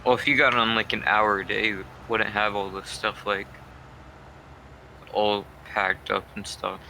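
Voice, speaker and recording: A male co-player speaks casually and matter-of-factly in a lowish, flat monotone. His voice comes through a voice chat line with clear background noise. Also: measured pace, low-quality recording.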